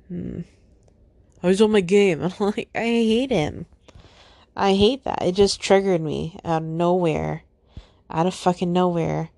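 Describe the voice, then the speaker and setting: A woman's voice: on the low side, fairly even intonation, unhurried, gravelly, pauses often, a little mellow, no room sound. A young woman hosting a solo podcast, upset and sighing often as she vents. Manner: frequent heavy sighs, upset. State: upset, close to tears. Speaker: podcast host.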